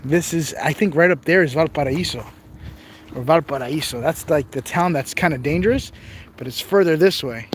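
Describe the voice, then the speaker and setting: A man's voice: on the high side, moderate pace, slight background noise. A tired man chatting casually on a phone live stream while he explores outdoors, rambling, joking and reading viewer comments aloud. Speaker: livestream host exploring outdoors. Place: outdoors on rough open ground. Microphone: phone camera held while walking.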